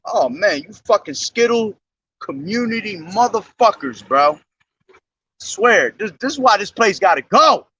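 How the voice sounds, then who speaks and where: A young man preaching outdoors at a bus station, slowly declaiming scripture, then talking in slangy, profane street speech into a camera he holds himself. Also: high voice, bright, forceful tone, slightly rough, no room sound, lo-fi sound. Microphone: self-held camera.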